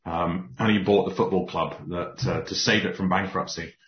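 A man with a very deep voice spins a story in casual conversation, restarting his sentences as he warms up. The sound is roomy and a little dull, like a remote call. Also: normal speed. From Scotland. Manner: animated storyteller, many restarts. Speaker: podcast guest.

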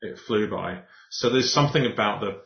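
A man's voice: fairly low pitch, moderate pace, creaky. A man hosting a podcast interview, rambling and restarting with frequent laughs. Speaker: podcast host. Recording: echoey, muffled remote audio.

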